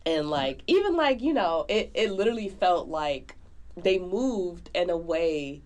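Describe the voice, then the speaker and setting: A woman co-hosting a podcast, reviewing a movie in casual, animated chat full of slang. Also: on the low side, measured pace. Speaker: podcast co-host.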